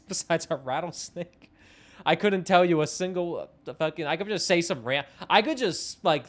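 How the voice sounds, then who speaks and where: A young man streaming a game live, chatting in a rambling, self-mocking way and swearing casually. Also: on the high side. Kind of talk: casual live-stream chat while gaming.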